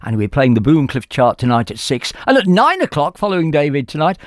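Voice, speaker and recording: Lively-voiced radio presenter man. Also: on the high side, brisk, dry recording, studio quality. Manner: chatty, self-deprecating. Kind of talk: casual radio links.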